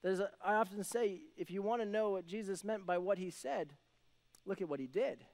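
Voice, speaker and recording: A young man preaching a casual, conversational sermon, acting out the people in the story with quick voices and lots of "like" and "right?". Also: high voice, darkish tone. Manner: conversational, acts out voices of biblical characters, many "like" and "right?". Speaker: pastor.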